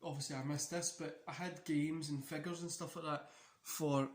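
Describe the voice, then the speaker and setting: A man's voice: on the high side, steady tone, moderate pace. A man hosting a casual wrestling watch-along, talking in a loose, rambling way. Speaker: wrestling channel host. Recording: echoey room.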